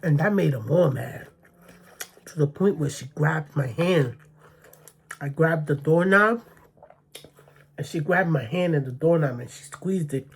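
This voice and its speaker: Low and husky, this Bronx, New York woman talks at a measured pace and pauses often. A mukbang vlogger, she shares a personal story to camera in casual, emphatic, repetitive talk, peppered with "okay?" and "you know what I mean?"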